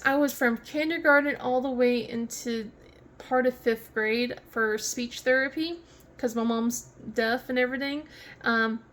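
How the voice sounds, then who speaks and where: A woman's voice: a little high, fairly bright tone. Rambling Southern woman vlogger. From southern West Virginia. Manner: rambling, many fillers and restarts, laughs often. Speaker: craft vlogger. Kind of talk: casual chat.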